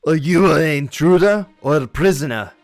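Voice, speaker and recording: A man's voice: a little high, lively intonation, moderate pace, voice pushed up. A man voicing a stern, formal male Warforged guard, a living construct, in a tabletop game. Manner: formal, curt questioning.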